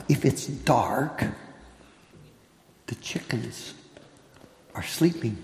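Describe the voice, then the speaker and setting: Man, children's storyteller, animated and playful, pitch rising and falling a lot, slightly higher voice, echoey hall. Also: slight background noise. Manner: animated, playful, calls out to kids. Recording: echoey hall with long reverb.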